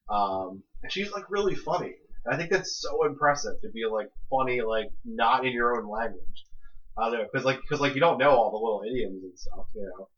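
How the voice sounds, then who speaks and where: A man's voice: mid-range voice, fairly bright tone. A young man hosting a podcast, telling a long story in casual chat with lots of restarts and fillers. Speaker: podcast co-host. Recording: dull lo-fi podcast audio.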